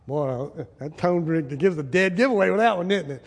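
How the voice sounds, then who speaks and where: A man preaching a sermon as a pastor, animated, asking the congregation questions and acting out little scenes. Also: sits high, moderate pace, creaky, few pauses, breathy edge. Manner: animated, asks the crowd, acts out little scenes. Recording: hall reverb.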